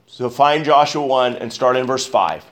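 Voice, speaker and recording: In church, a male pastor preaches a sermon at normal speed with a fairly bright tone. He is emphatic, rising on key words, dropping low, and putting questions to the congregation.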